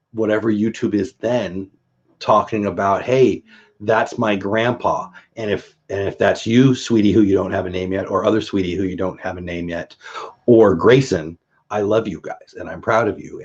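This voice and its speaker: A man's voice: lowish voice, darkish tone, breathy edge, dull audio. A man in his fifties, a grandfather, chatting casually and joking at his own expense while looking through old family photos. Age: 50s. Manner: joking, self-mocking. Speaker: vlogger. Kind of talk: casual chat.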